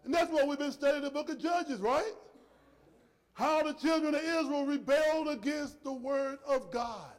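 A male preacher giving an emphatic sermon, swinging between shouted points and soft, low asides. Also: moderate pace. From rural area. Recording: long hall reverb.

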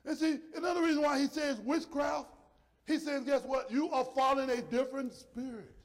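A male preacher giving an emphatic sermon, swinging between shouted points and soft, low asides. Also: steady tone, normal speed. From rural area. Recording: long hall reverb.

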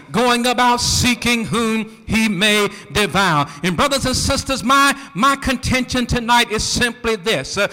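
Preacher, male, very high bright voice, rhythmic call-and-response delivery, church with long reverb. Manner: rhythmic, rising to shouts, quizzing the congregation. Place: church sanctuary.

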